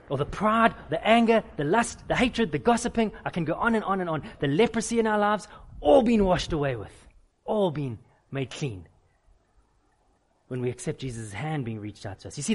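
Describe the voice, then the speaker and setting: A man, a pastor, preaching a sermon with candid personal stories and emphatic, repeated lists. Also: sits high.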